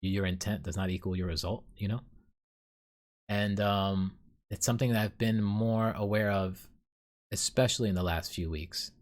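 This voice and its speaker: A man's voice: on the low side, steady tone, normal speed. A man hosting a solo podcast, telling his dreams in a rambling, self-deprecating way with many fillers. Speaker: podcast host. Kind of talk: casual solo storytelling.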